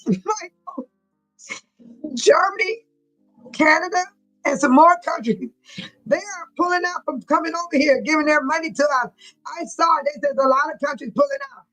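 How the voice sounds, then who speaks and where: A woman's voice: sits high, pushed and bright, poor audio. A woman hosting a casual livestream, talking emphatically and preachily, repeating herself and laughing often as she reads viewer chat.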